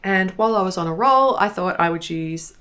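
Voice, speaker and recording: A woman, hosting a podcast in a relaxed, chatty way with frequent self-corrections. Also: lowish voice, fairly quick. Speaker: podcast host. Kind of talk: casual chat.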